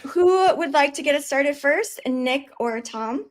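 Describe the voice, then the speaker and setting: A woman hosting a trading livestream, cheerful and quick to laugh. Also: sits high, animated. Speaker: livestream host. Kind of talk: upbeat show hosting.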